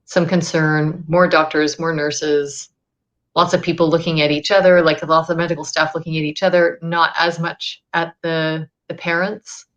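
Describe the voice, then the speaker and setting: A woman doula shares a story in easy conversation. Her voice sits fairly low. She talks quickly and stops to correct herself along the way. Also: flat delivery, a bit bright, muffled recording. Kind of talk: casual chat.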